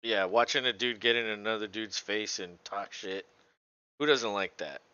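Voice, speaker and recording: A man casually calling a football game play by play, relaxed, laughing often and swearing freely. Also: on the low side, normal speed, smooth, no room sound, lo-fi sound. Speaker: co-host doing play-by-play.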